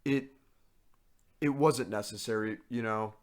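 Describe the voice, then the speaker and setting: A man co-hosting a podcast, telling a story in a casual, animated and profane way. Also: lowish voice. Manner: animated, profane, quick to act out others. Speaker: podcast co-host.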